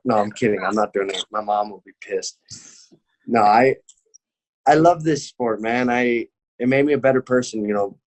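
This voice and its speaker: Low-voiced young man swearing through stories. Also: normal speed. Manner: swears constantly, acts out quoted people. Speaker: MMA fighter guest. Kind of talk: casual storytelling.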